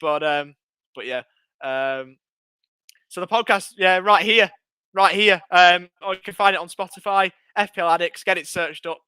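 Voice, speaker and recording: A cheeky man trades banter on a podcast panel and rattles off plugs. His voice is fairly high, bright and smooth. The sound is dry. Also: moderate pace, no room sound. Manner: cheeky, jokey, rambling plugs. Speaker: podcast co-host. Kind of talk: casual panel chat.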